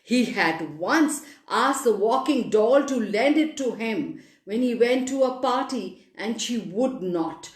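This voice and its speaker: Woman storyteller, slightly high voice, unhurried expressive reading, echoey room. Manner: expressive, animated reading with sound effects. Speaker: children's storyteller. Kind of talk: reading a children's story aloud.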